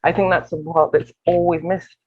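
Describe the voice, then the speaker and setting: A woman guest with a husky voice in a round-table discussion, passionate and full of quick restarts. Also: lowish voice, flat delivery, narrow, tinny audio. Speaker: wellness program organizer, guest.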